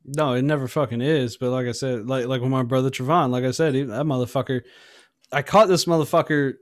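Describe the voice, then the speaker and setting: A man telling rambling, profane stories in casual chat, slipping into shrill voices for people he quotes. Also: fairly even intonation, a little fast, no echo, studio quality.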